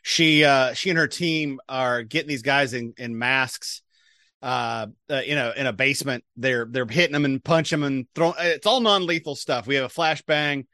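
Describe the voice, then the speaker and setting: A man's voice: mid-range voice, moderate pace, bright, forceful tone, no echo, clean studio sound. A man co-hosting a podcast, recapping a movie in casual, jokey chat with many fillers. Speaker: podcast co-host.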